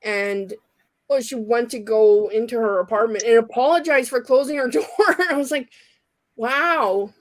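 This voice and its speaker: Chatty Canadian woman, higher voice. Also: steady tone, moderate pace, dry recording. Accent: Canadian, British Columbia. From British Columbia, Canada. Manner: rambling, chatty, self-deprecating. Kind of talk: casual chat.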